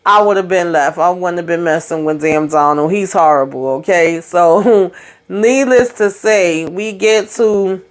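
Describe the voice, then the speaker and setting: A woman hosting a casual TV episode recap, animated and cussing, acting out the characters' lines and laughing often as she talks. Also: on the low side, measured pace. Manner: laughs often while talking. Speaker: show recap host.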